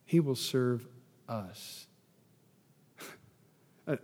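Speaking extremely slowly, this man has a medium-pitched, slightly mellow voice that stays expressive. He is a pastor giving a chatty, humorous sermon with joking asides aimed at the congregation, and the recording carries the long reverb of a big hall.

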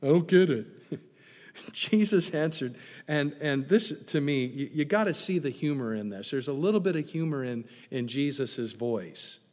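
Pastor preaching in an echoing hall. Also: male voice, mid-range voice, moderate pace. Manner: animated, playful asides with sudden hushed drops. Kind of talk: sermon. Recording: long echo of a large hall.

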